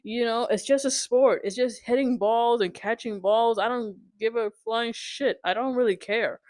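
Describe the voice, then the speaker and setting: A woman's voice: a little high, moderate pace, a little mellow, no room sound. A young woman ranting in frustration as a vlogger, swearing and repeatedly asking if you understand. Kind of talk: angry sports rant.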